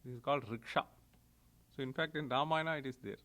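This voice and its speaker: Man, middle-aged, professor lecturing; calm storyteller who explains his terms. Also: mid-range voice. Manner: unhurried, retells stories with chuckles, explains Sanskrit terms.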